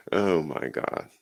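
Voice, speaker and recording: A male host of a live chat show, reading news aloud and adding sardonic, chuckling asides with frequent "uh"s and restarts. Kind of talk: casual livestream commentary, reading news aloud.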